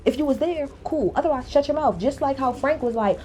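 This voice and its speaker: A woman's voice: sits high, brisk, darkish tone, a little hiss or hum. A woman recapping a reality show in a casual, blunt, opinionated way, swearing freely.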